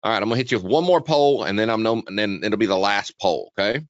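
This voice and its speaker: A man hosting a live trading webinar, chatty and energetic, talking quickly with frequent restarts. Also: on the low side, dry recording. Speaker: webinar host, trading educator. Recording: dull, dry lo-fi sound.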